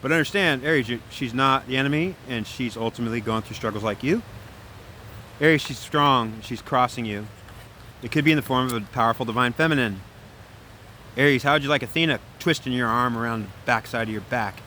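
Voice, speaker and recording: A man giving a casual spoken tarot reading, animated and preachy, talking straight to the listener. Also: medium pitch, brisk, slight background noise. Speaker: tarot reader.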